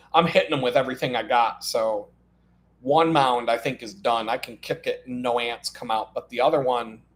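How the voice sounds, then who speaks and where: A man telling stories on a live stream, animated and profane, breaking into laughs. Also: medium pitch. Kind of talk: casual storytelling on a live stream.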